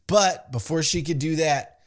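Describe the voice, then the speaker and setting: A man's voice: fairly high pitch, measured pace. A man hosting a podcast, recapping a wrestling show in a casual, profane way and acting out the quotes. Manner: animated, acts out quotes in put-on voices, swears freely.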